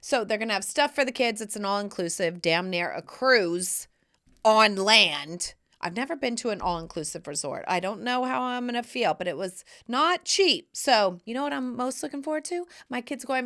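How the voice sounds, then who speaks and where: Bright, playful woman podcast host. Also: fairly high pitch, normal speed. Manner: playful, cheeky and expressive. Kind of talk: casual solo podcast chat.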